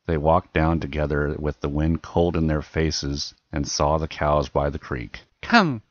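A man reading a children's novel aloud as an audiobook narrator, with steady, measured storytelling. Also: extremely low pitch, muffled recording. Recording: music playing behind the reading.

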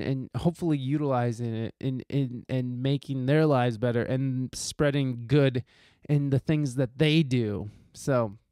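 A man's voice: medium pitch, darkish tone, smooth, no room sound, clean studio sound. A man hosting a podcast, giving a heartfelt, profane, rambling monologue full of restarts. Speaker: podcast host.

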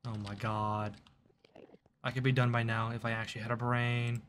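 This gaming YouTuber speaks at a medium pitch and normal speed, his delivery flat and slightly bright, with a little background noise. Even so, he's chatty during his live commentary, addressing the on-screen creatures and yelping in frequent startled outbursts.

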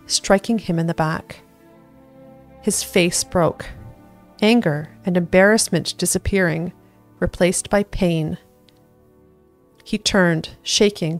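Woman reading a fantasy tale aloud, low-pitched. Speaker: audiobook reader. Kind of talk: scripted narration of a fantasy book.

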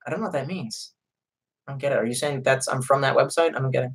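A man's voice: medium pitch, steady tone, quick pace, breathy edge. A man chatting casually on a live stream, reading viewer comments aloud and rambling with lots of profanity and self-deprecating jokes.

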